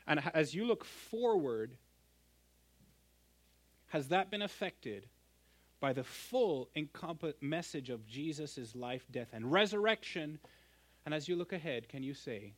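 Earnest man preaching a sermon. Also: fairly high pitch. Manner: earnest, emphatic, swings from loud to hushed. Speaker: pastor.

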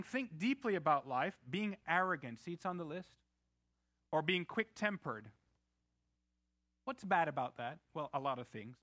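A man preaching a sermon in a bright, forceful voice that sits a little high for a man. He talks conversationally, tells stories from his own life and keeps asking the congregation questions. The sound is close and dry. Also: dry recording. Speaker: pastor.

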